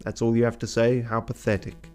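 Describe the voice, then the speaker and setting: A man's voice: mid-range voice, level tone, brisk, darkish tone, faint music behind, lightly acted. A man voicing a scheming noblewoman who talks in a mocking, contemptuous way. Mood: scornful.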